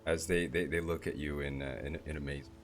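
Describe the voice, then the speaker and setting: A man narrating a tabletop game as game master, halting and searching for words. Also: a bass voice, steady tone, faint music behind. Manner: halting, many fillers and restarts.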